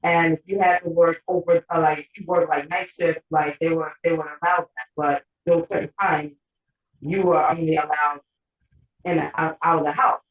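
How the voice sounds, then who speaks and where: A woman's voice: deep voice, flat delivery, moderate pace, echoey room. Rapper woman, bahamian-american accent, lots of ums, phone line sound. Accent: mixed Bahamian and American. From Pennsylvania, USA. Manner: rambling, many fillers. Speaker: rapper and guest. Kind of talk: casual interview chat. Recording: tinny phone-like call audio.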